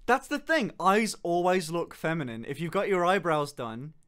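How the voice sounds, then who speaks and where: A man with a voice on the higher side for a man, chatting loosely on a stream. He jokes, curses freely and laughs often. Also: big pitch swings, normal speed, a bit bright, smooth. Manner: joking, swearing, laughs often. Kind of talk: casual chat on a stream.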